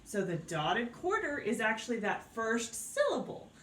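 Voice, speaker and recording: A woman's voice: a little high, sing-song, normal speed, hardly any pauses, a bit bright, a little hiss or hum. A woman teaching a beginner piano lesson, explaining patiently, counting aloud and checking in with her students. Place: indoors at a piano. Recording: roomy sound from off-mic, piano behind.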